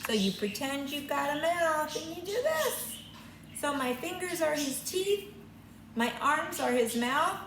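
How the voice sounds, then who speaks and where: An older woman teacher reading a picture book aloud to young children and showing the signs, in a slow, sing-song storytime voice. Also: sits high, big pitch swings, fairly bright tone, a little hiss or hum. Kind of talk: read-aloud lesson with sign language for children. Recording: echoey room, mic at a distance, faint ambience.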